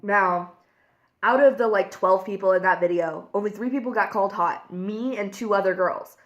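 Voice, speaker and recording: A woman's voice: mid-range voice, moderate pace, muffled recording. A young woman vlogger talking candidly and emotionally to camera, full of "like" fillers. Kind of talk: casual confessional vlog while eating.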